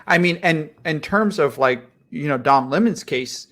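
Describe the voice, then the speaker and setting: A man's voice: fairly high pitch, expressive, measured pace, a bit bright. A man co-hosting a casual podcast, ranting emphatically and swearing a lot. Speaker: podcast co-host.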